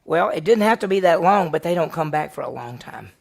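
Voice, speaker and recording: A man, a pastor, teaching a Bible study class, reading scripture aloud and quizzing his listeners with lively questions. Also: a little high, a little fast, gravelly.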